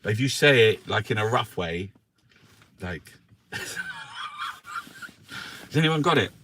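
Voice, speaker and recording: A man's voice: on the low side, lively intonation, slow, fairly bright tone, no room sound. A man hosting a casual live newspaper review, swearing often and chatting to his viewers with jokey asides. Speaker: livestream host reviewing newspapers. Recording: faint background noise.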